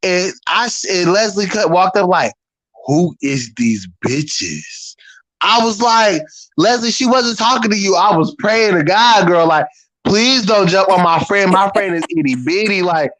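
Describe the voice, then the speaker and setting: A man telling a story to the camera in a casual, animated and profane way, full of slang. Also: high-pitched, no room sound, low-quality recording. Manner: animated, profane, slangy and talking straight to the viewer. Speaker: storyteller vlogger.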